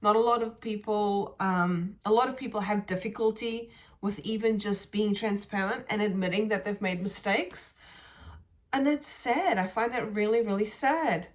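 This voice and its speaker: A woman's voice: mid-range voice, normal speed, far from the mic. A woman hosting a reflective podcast, talking casually and earnestly straight to her listeners. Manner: chatty, earnest, addresses listeners as guys, frequent "like" and "right". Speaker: podcast host. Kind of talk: casual reflective talk to camera.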